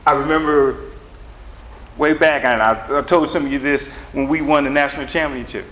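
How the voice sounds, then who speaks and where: Animated preacher man. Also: a little high, normal speed, low-quality recording. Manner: animated, conversational, acts out dialogue with God. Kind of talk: sermon.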